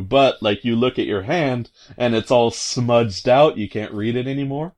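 A man's voice: fairly low pitch, unhurried, few pauses. A man casually retelling a video game scene, rambling and hesitant, full of fillers and amused asides. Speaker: commentator recounting a video game.

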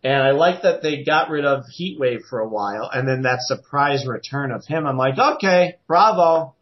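A man co-hosting a podcast in casual chat, animated and quick to joke. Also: medium pitch. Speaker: podcast co-host. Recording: dull lo-fi sound.

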